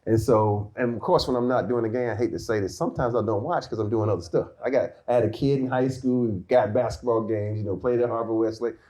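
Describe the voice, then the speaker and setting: A man's voice: fairly low pitch, quick pace, few pauses. A man telling stories as an interview guest, laughing often, recorded in an outdoor courtyard before a live audience. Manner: laughs often, animated storytelling. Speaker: guest, former basketball player. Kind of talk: casual storytelling interview.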